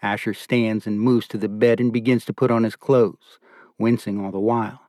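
A man giving a calm, measured scripted narration of a novel. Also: fairly low pitch, no room sound, clean studio sound. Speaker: audiobook narrator.

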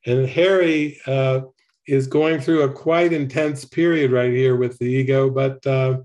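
A man giving slow, earnest spiritual commentary on a TV episode as a teacher. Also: mid-range voice, fairly even intonation, darkish tone.

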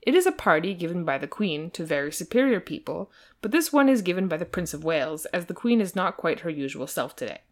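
A woman's voice: fairly low pitch, very animated. A woman reading the part of a superior, composed male butler in a storybook reading. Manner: polite, condescending, measured.

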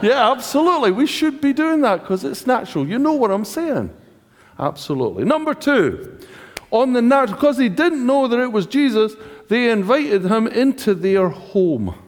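A man's voice: extremely high pitch, big pitch swings, moderate pace. A man with a British accent preaching a sermon in a chatty, joking way, often asking the congregation questions. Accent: British English. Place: church hall. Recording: church hall reverb.

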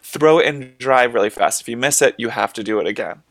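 A man of middle pitch co-hosting a podcast, teasing his co-host and swearing freely as he jokes. His voice sits close and dry on the mic, with no room sound behind it. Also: fairly quick, vocal fry, a bit bright, no room sound. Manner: joking, profane, teasing. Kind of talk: casual chat.

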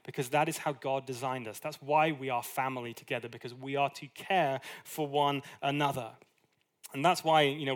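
A man preaching a sermon in a conversational, animated way, with asides and little acted quotes. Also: mid-range voice. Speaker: pastor.

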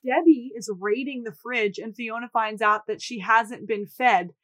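A woman co-hosting a podcast, recapping a TV episode in casual chat and telling the plot briskly. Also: on the high side. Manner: brisk storytelling, quotes characters in put-on voices. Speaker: podcast co-host.

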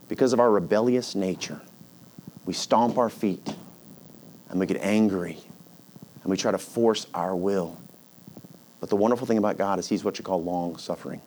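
A man's voice: mid-range voice, a little mellow. A middle-aged man preaching a sermon as pastor, telling stories and acting out the people in them with big swings of voice.

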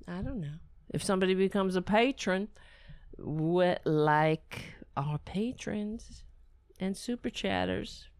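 A woman's voice: fairly low pitch, very animated, unhurried, gravelly, a little mellow, dry recording. A woman hosting a late-night livestream, rambling, swearing and often laughing at her own jokes. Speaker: livestream host.

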